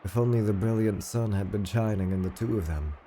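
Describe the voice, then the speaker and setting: A man streaming himself reading a visual novel aloud in a steady, low-key narrating voice. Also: brisk, a little hiss or hum.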